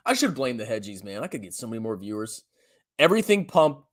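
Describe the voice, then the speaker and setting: A man hosting a personal finance channel, reading viewer comments aloud in an animated, slangy way and laughing often. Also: medium pitch, brisk.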